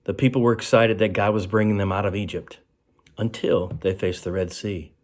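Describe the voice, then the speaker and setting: A man speaking as a pastor, delivering a short devotional sermon in a fairly low voice. He talks earnestly and conversationally, letting his voice fall soft and quiet when he lands a key phrase. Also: fairly even intonation, normal speed.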